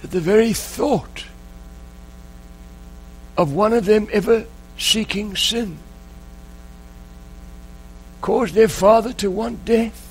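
A man preaching a sermon, telling a story in an earnest, emotional way with dramatic pauses. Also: sits high, a little hiss or hum, low-quality recording.

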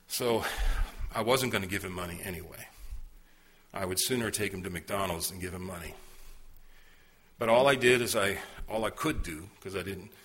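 Male preacher, earnest sermon delivery, fairly low voice with a husky edge. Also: a bit bright. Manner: earnest, storytelling preacher with rhetorical questions. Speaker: pastor.

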